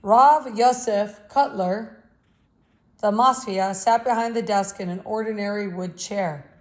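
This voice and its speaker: A woman reading a novel aloud in a measured, steady way. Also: mid-range voice. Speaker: audiobook reader.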